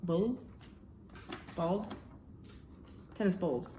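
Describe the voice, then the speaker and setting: A woman's voice: lowish voice, animated, extremely slow, mellow, echoey room, slight background noise. A young woman co-hosting a home vlog, chatting casually with a playful, teasing manner and frequent laughter. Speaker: vlog co-host. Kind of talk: casual chat.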